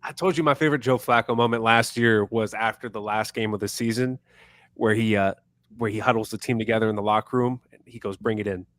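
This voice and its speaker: A man's voice: on the low side, steady tone, quick pace, a bit bright. A man co-hosting a sports podcast who gives blunt opinions and retells anecdotes. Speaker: podcast co-host. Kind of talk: casual sports chat.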